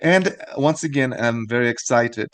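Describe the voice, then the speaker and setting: A man's voice: medium pitch, normal speed. A man co-hosting a casual podcast, rambling and chatty, often laughing between thoughts. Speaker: podcast co-host.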